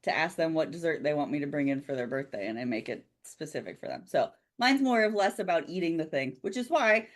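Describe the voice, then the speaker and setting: A woman's voice: low voice, lively intonation, fairly quick, hardly any pauses. A chatty woman who laughs often, running a tabletop game as game master in casual chat. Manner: giggly, chatty.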